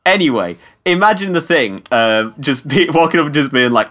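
A man's voice: a little high, moderate pace. Cheeky potty-mouthed podcast guy, voice jumps all over. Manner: swears a lot, lively, cheeky. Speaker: podcast co-host. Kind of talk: casual chat.

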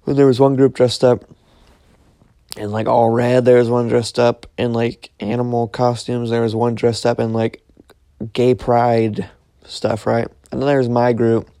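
A man's voice: medium pitch, level tone, unhurried, warm tone, no room sound, clean studio sound. A young man casually retelling a dream, rambling with lots of fillers and restarts. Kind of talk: casual storytelling, recounting a dream.

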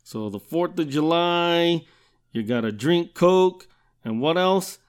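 A man with a highish, lively voice and clean tone hosts his own podcast, slowly telling crude comic stories. He swears constantly and keeps asking "you know what I'm saying."

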